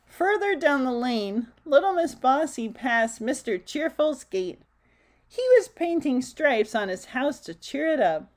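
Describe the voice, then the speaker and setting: Give me a woman reading a storybook to children at a slow, gentle pace. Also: sits high, animated. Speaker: storybook reader. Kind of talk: children's story read-aloud.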